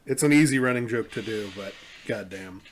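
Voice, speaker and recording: A man's voice: lowish voice, normal speed, a little hiss or hum. Wry, amused man in casual chat. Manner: amused, wry, often laughing. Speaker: podcast co-host. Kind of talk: casual chat, reading memes aloud.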